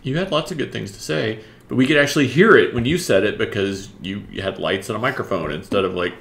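A man's voice: fairly low pitch, fast talker, creaky, a bit bright, roomy sound. A man co-hosting a live drawing stream in casual chat, joking easily and greeting viewers while he works. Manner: easygoing, jokey, greets viewers. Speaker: co-host and artist drawing live.

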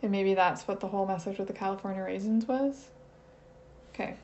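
A woman talks fairly quickly at a medium pitch during a casual solo channeling session. Hesitant and searching, she thinks out loud and keeps checking herself. The sound quality is lo-fi and slightly dull, with faint noise.

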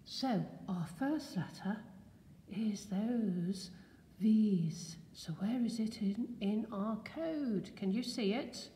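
A woman's voice: medium pitch, lively intonation, takes it slowly, dark tone. A woman leading a children's church session, coaxing the children with questions in a sing-song manner. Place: large church building. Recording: echoey church hall, slight noise.

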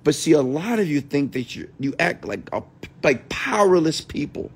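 A man's voice: fairly high pitch, lively intonation, moderate pace, slightly rough. A middle-aged man, an entrepreneur and mentor, hosting a late-night livestream rant in a blunt, profane manner. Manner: blunt, profane, mocks whiny voices.

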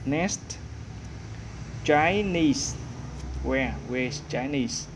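A man teaching English goes through workbook exercises very slowly, voicing his thoughts as he looks for every answer. His mid-range voice is expressive, and a faint hum lingers behind it.

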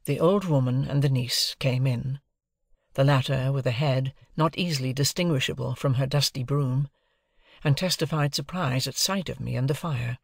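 A male narrator reads a classic novel aloud, phrase by phrase, in a measured, even way. His voice has a noticeable gravelly texture, and the recording is dry and close. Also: medium pitch, dry recording. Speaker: audiobook narrator. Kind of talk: audiobook reading of a classic novel.

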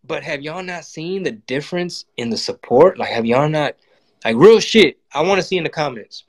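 Male comedian, somewhat high voice, profane and animated monologue style. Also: moderate pace. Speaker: comedian and channel host. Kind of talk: casual political monologue.

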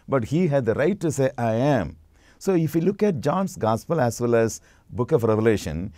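Mellow-voiced man giving a sermon. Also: mid-range voice, no room sound. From India. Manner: measured teaching, slow and deliberate. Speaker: preacher.

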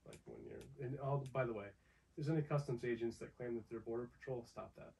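A man's voice: mid-range voice, huge pitch swings, fairly quick, vocal fry, warm tone, recorded from a distance, a little hiss or hum, rough recording. A man from upstate New York, a guest swapping laid-back stories in casual podcast chat. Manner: laid-back storytelling with frequent laughs.

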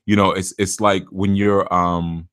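Blunt low-voiced man teaching. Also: flat delivery, a little slow, fairly bright tone, clear, resonant tone, no room sound, studio quality. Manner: blunt, acts out clients' voices. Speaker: spiritual teacher and reader. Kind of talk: casual spiritual talk.

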